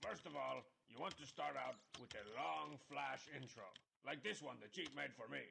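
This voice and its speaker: A man's voice: mid-range voice, normal speed, background noise. A man voicing a cocky, sarcastic masked cartoon wrestler who hands out boastful advice. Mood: smug. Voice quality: gravelly.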